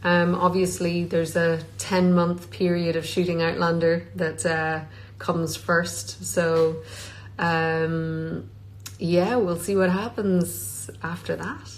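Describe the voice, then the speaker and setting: A woman's voice: on the low side, flat delivery, slow, poor audio. A woman, an actress, chatting casually on a phone live stream from Scotland, reading fan questions aloud and answering with plenty of filler ums. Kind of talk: casual livestream Q&A. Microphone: phone on a social media live stream.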